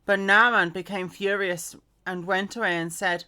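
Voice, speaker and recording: A woman's voice: medium pitch, fairly even intonation, moderate pace, hardly any pauses, pushed and bright. A woman reading the Bible aloud in a casual way, with chatty asides, fillers and self-corrections. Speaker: reader.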